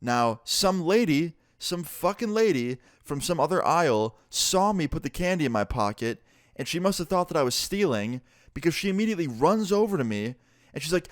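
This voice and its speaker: A young man tells a story in an animated, casual way and swears freely as he goes. His voice is smooth and clear at a medium pitch. It is recorded close and dry. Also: normal speed, no room sound. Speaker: vlogger.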